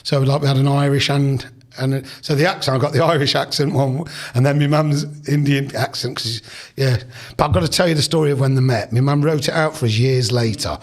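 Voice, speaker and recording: A man's voice: mid-range voice, a little fast. A man in his sixties, a podcast guest, telling rambling family stories in a chatty, casual way. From England. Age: 60s. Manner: rambling, chatty, with restarts and asides. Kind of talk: casual storytelling.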